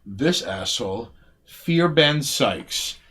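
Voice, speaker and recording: A man's voice: mid-range voice, animated, slow, slight background noise. Profane man reading facts on a stream. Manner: profane, reading facts aloud with loud outbursts. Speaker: podcast co-host. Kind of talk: casual late-night stream chat.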